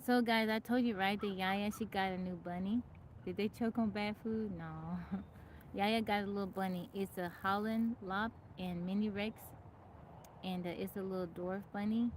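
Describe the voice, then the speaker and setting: A woman's voice: medium pitch, fairly even intonation, normal speed, poor audio. Woman host, casual outdoor phone livestream, chatty, laughs often, faint background noise. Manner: chatty, greets viewers by name, laughs often. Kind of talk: casual live chat. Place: outdoors in nature.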